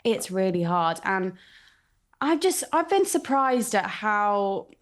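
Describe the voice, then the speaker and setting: A woman football reporter with a mid-pitched voice. She speaks with earnest enthusiasm and breaks the games down analytically, as if chatting with a host. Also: very animated, slow. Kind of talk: casual chat.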